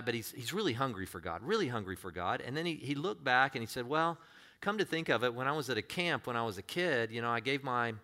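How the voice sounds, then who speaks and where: A man preaching a sermon, moving from easy conversational talk to loud, impassioned preaching, often repeating and restarting words. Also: medium pitch. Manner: repeats and restarts words, acts out quoted voices. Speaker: pastor.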